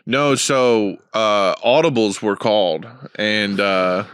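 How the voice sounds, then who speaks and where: A man's voice: on the low side, fairly even intonation, slow, fairly bright tone, smooth, no room sound, studio quality. A young man hosting a podcast, telling stories in a rambling, profane, casual way with lots of fillers. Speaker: podcast host. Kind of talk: casual chat.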